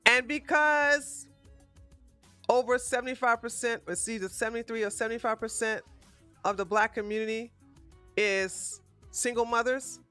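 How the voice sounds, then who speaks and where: Blunt, profane woman ranting in a bright voice. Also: a little high, fairly even intonation, normal speed, faint music behind. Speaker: political commentary host. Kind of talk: live-stream commentary rant.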